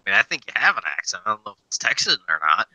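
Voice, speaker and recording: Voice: mid-range voice, big pitch swings, racing, bright, forceful tone, muffled recording. A speaker in casual chat, wisecracking and laughing often.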